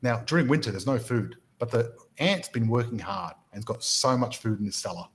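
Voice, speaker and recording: Energetic man hosting a motivational podcast. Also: medium pitch, a little fast, low-quality recording. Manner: energetic, repeats words when starting sentences, storytelling. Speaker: podcast host and property mentor.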